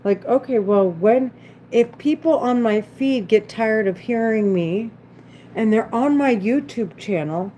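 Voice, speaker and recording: A woman's voice: on the high side, a little slow, dark tone, a little hiss or hum. A woman vlogger talking to camera in an agitated, repetitive, rambling monologue. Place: at home, doing her makeup.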